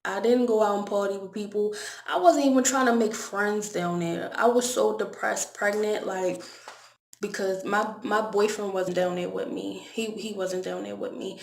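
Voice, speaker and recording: A woman's voice: medium pitch, steady tone, moderate pace, vocal fry. A young woman, telling a candid, conversational storytime vlog and often repeating her words. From Baltimore, US. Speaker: vlogger. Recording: echoey room.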